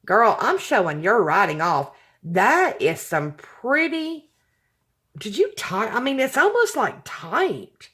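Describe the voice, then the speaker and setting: A woman hosting a craft channel, chatting casually and gushing with excitement as she unboxes a handmade package. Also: medium pitch, slightly rough.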